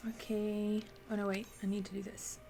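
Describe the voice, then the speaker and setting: A woman's voice: mid-range voice, level tone, normal speed, gravelly, music in the background. A woman streaming a video game, chatting casually and thinking aloud as she plays and answers her chat. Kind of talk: casual live-stream commentary while playing.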